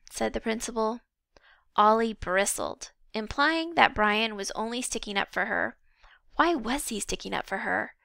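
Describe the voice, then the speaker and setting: A woman narrating a children's novel aloud in an expressive, measured reading style. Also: fairly high pitch, vocal fry, dry recording. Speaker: audiobook reader. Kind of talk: storybook narration.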